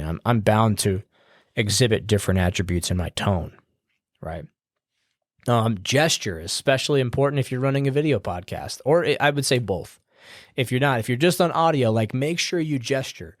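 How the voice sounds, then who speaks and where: A man's voice: mid-range voice, animated, normal speed, no echo, clean studio sound. A man hosting a podcast, giving casual advice in a loose, rambling way with fillers and the odd swear word, in an upbeat, smiling tone. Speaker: podcast host.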